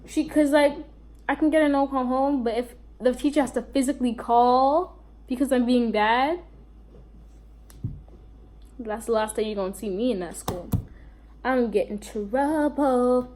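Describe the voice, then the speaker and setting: High-pitched rambling New York storyteller, woman. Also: a little slow, long pauses, slight background noise. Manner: rambling, animated storytelling with many fillers. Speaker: vlogger. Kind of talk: storytime vlog.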